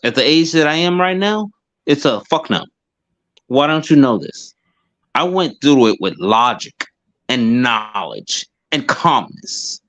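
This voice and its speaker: Profane ranting man, lively pitch. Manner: profane, rambling, heated rants. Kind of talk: casual chat. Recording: dull lo-fi sound.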